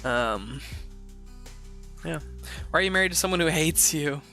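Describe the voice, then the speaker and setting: A young man with a bright, somewhat high voice reads a post aloud and keeps stopping to drop blunt, sarcastic comments. Soft music plays faintly underneath. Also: animated, measured pace. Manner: reads in first person, breaks off for blunt sarcastic asides. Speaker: host reviewing reddit posts.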